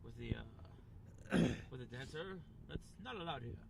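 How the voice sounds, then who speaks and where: A man putting on the voice of an overly polite, soft-spoken bouncer with stiff formal manners. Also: medium pitch, lively intonation, measured pace, gravelly, very noisy, pitched below the performer's own voice. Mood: mock polite.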